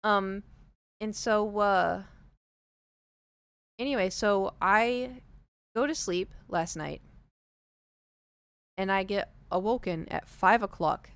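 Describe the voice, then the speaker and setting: A woman streamer tells her viewers a story at home, with a bright, edgy tone. She acts out every quoted line. The sound is dry and close on a desk mic. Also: medium pitch, slow pace, pauses often, smooth, no room sound. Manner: animated, acts out quoted dialogue.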